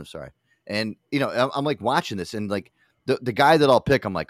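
A man's voice: mid-range voice, very animated, moderate pace, vocal fry, no room sound, clean studio sound. A man hosting a podcast in casual, profane chat, ranting and mocking with plenty of swearing. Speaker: podcast host.

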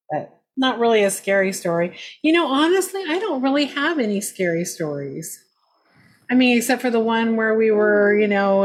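Husky-voiced woman telling a ghost story. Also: mid-range voice. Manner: rambling, many fillers, laughs often. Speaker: paranormal investigator. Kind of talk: casual storytelling on a roundtable.

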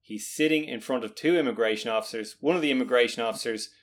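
A man's voice: mid-range voice, fast. A man co-hosting a podcast in casual film chat, rambling and correcting himself as he goes, now and then swearing and then apologizing for it. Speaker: podcast co-host.

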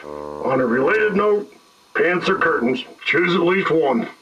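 A man's voice: a little high, animated, slow pace, fairly bright tone, recorded from a distance, dull audio, slight background noise. A man playing an exasperated police chief who rants into a phone in an audio drama. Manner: blustering, fed-up ranting.

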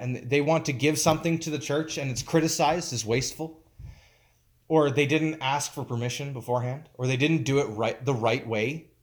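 A man preaching a conversational sermon as pastor, informal and emphatic, often pausing to search for his words. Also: mid-range voice.

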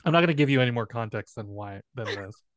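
Dry-voiced joking podcast co-host. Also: male voice, mid-range voice, lively intonation, rapid-fire, no room sound. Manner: playful, jokey, reciting his own comic rhymes. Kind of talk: casual chat.

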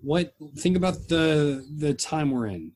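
A man's voice: fairly high pitch, expressive, a little slow, a little mellow. A young man hosting a casual podcast chat, telling rambling jokey stories. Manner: rambling, joking storyteller. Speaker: podcast host.

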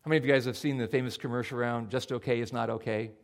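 A man's voice: mid-range voice, steady tone, very fast. A man preaching a sermon in a casual, conversational way, acting out his own inner thoughts as he goes. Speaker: pastor.

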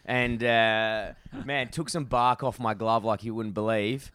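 An Australian man recounting his day in a relaxed chat, cursing often and playing out what went through his head. His voice is bright and crisp. The sound is dry and close, with no room around it. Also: fairly low pitch, measured pace, dry recording. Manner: animated, swears a lot, acts out his own inner voice. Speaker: podcast co-host. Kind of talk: casual storytelling chat.

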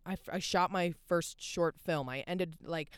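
A woman's voice: lowish voice, unhurried, clean tone, dry recording, studio quality. A young woman hosting a podcast, talking candidly in a casual, rambling monologue full of "like" and restarts, at home. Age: young adult. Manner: candid and rambling, heavy use of "like". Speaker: podcast host.

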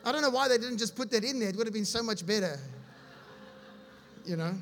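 High-voiced man preaching a sermon. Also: brisk, a bit bright, soft background music. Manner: reads scripture aloud and explains it with humor; asks his audience if they follow.

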